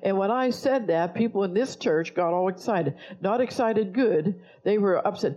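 Blunt pastor scolding the church, warm mellow voice, kinda dull lo-fi recording. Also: mid-range voice, normal speed, few pauses. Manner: forceful and blunt, scolding the congregation. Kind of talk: sermon.

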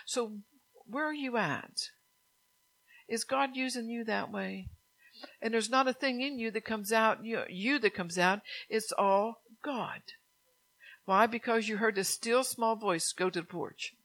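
A woman's voice: on the high side, unhurried, fairly bright tone, rough recording. A middle-aged woman preaching a sermon in church, chatty, asking the congregation questions and laughing often.

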